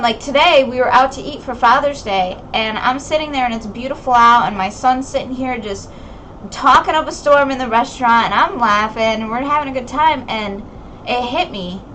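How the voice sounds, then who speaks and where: A young woman hosts a casual podcast chat in a slightly high voice. She speaks candidly and emotionally, swearing freely and leaning on fillers. A faint hiss sits under the recording. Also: fairly bright tone, rough recording. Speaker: podcast host.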